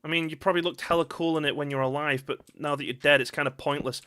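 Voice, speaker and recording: A man's voice: on the high side, fairly even intonation, very fast, pushed and bright, clear, resonant tone, dry recording. A man giving casual, self-mocking commentary while playing a game. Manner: chatty and self-mocking, laughs often. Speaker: gaming streamer.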